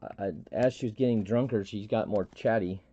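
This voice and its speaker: A middle-aged man hosting a live stream, telling a story in a halting, rambling way with many restarts and fillers. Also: fairly low pitch, mellow, slightly rough, lo-fi sound. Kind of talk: casual storytelling chat.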